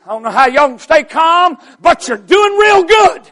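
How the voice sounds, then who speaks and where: A man preaching a revival sermon, shouting and stretching out his words for emphasis. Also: very high-pitched, sing-song. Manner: shouting, drawn-out emphatic delivery.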